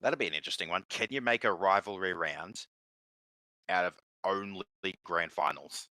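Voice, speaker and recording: A deep-voiced man with a sharp, forceful edge, ribbing his co-host with blunt, wry remarks. The recording is dry and close to the mic, and he talks in an easygoing, unhurried way. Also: expressive, dry recording, rough recording. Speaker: podcast co-host. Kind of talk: casual sports chat while watching a game.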